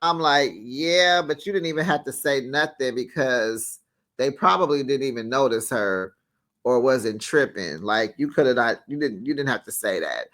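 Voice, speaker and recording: A man's voice: fairly high pitch, a bit bright. A man giving casual recap commentary on a reality show, sassy and chatty, laughing often between remarks. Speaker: host of a reality TV recap channel.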